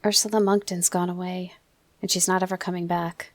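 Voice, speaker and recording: A woman's voice: lowish voice, little pitch movement, brisk, no room sound, close to an everyday voice. A woman voicing a frightened but defiant little boy who pleads with his father. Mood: pleading. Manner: pleading, small.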